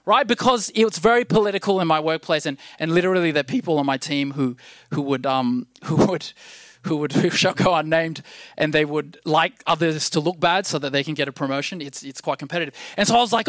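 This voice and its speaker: High-voiced man preaching a rambling sermon. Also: fairly quick, fairly bright tone, no echo, studio quality. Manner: rambling, self-deprecating, with many restarts; grows emphatic toward the end.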